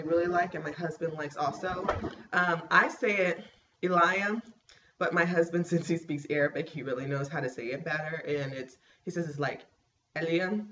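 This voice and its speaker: A woman vlogging casually to camera, rambling and clearing her scratchy throat. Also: low voice, fairly bright tone, highs cut off. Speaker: pregnancy vlogger.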